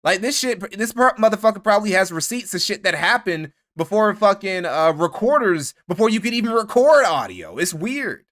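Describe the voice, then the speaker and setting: Man, streamer, casual commentary, profane, mocking, bright voice. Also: high-pitched, very animated, moderate pace, few pauses. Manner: profane, mocking, thanks donors.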